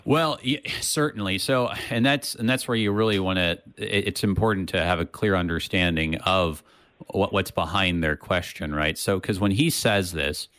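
Low-voiced man musing through scripture. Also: normal speed, a bit bright, no echo. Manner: thinks aloud with many restarts and "right?" tags. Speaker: co-host of a Bible study podcast. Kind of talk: casual Bible discussion.

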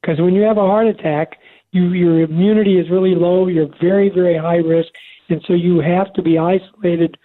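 A man's voice: sits high, steady tone. Earnest older man on a phone line. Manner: earnest, halting with many restarts. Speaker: radio show co-host. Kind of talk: conversational faith talk.

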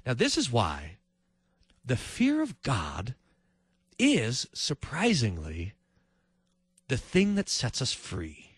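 A male preacher giving a sermon in animated storytelling style, acting out each voice. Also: medium pitch, takes it slowly, pauses often, slightly rough, no echo.

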